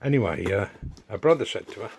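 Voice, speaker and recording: A middle-aged man talks his viewers through his gear in a relaxed, rambling way. His voice sits low, and he keeps drifting off on homely asides. There is a faint hiss behind him. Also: fast, gravelly. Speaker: DIY vlogger. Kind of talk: casual chatty vlog.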